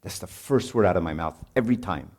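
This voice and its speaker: A man's voice: low voice, animated, fast talker, darkish tone. A middle-aged man, giving an informal, conversational sermon to parents and often asking "right?". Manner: informal, peppered with "right?", acts out parents and kids. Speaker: speaker at a marriage retreat.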